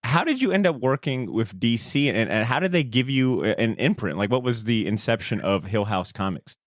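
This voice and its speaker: A man's voice: mid-range voice, lively intonation, moderate pace, no echo, studio quality. A man co-hosting a podcast, asking questions in an easygoing, casual manner. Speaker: podcast co-host. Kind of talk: casual interview.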